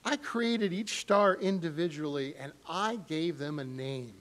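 A middle-aged male pastor preaching a sermon in an animated way, acting out voices with sharp rises in pitch. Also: a little slow.

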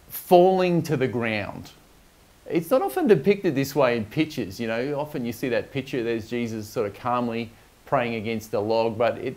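A man's voice: mid-range voice, darkish tone. Man preaching a reflective sermon. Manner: reflective, with fillers and restarts.

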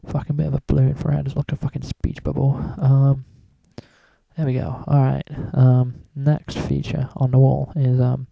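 Gravelly, swearing man. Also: medium pitch, completely flat delivery, normal speed, mellow, no room sound, highs cut off. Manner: rambling, swears in nearly every sentence. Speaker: drawing tutorial maker. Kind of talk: casual screen-recorded tutorial.

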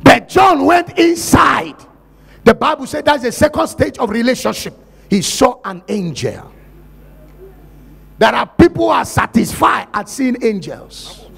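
A man with a Nigerian accent preaching a sermon, often breaking into loud shouts as he acts out Bible scenes. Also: very high voice, very animated, unhurried, vocal fry, breathy edge. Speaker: pastor.

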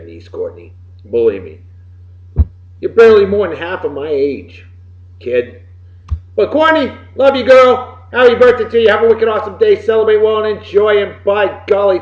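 A man from Massachusetts, hosting a show and giving folksy, boisterous birthday shout-outs. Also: high voice, lively intonation, moderate pace. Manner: boisterous and folksy, swinging loud and soft. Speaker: podcast host. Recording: roomy, slightly dull lo-fi recording.

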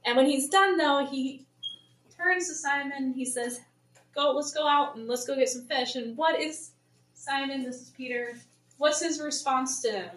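A woman's voice: high-pitched, measured pace. A woman leading a casual Bible study for a church group, chatty and acting out the people in the story. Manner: chatty, paraphrases in lively voices. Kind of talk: casual Bible teaching to a congregation. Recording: roomy church hall, mic at a distance.

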